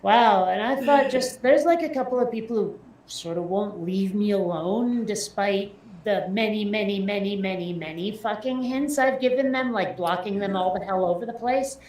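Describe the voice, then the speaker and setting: A woman's voice: mid-range voice, moderate pace, few pauses, darkish tone. A woman co-hosting a casual chat, speaking in a dry, wry way. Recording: roomy echo.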